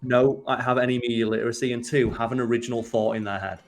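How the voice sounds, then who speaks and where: A man's voice: mid-range voice, fairly even intonation, quick pace, faint music behind. Exasperated, swearing man ranting over a game. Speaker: let's play co-host. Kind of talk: casual gameplay commentary.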